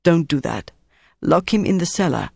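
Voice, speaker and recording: A narrator voicing a brisk, commanding wartime German officer in an audiobook. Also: medium pitch, animated, creaky, darkish tone, husky, dry recording, studio quality. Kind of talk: audiobook character voice.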